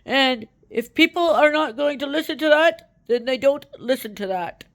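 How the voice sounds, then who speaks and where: A woman's voice: sits high, animated, moderate pace, voice pushed up. A woman putting on a pompous, boastful older male politician who rambles and repeats himself. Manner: pompous, self-important, repetitive.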